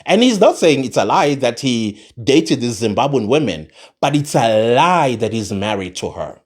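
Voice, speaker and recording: A man's voice: mid-range voice, big pitch swings, normal speed. A man, delivering an impassioned political commentary monologue, emphatic and repeating his points for force. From South Africa.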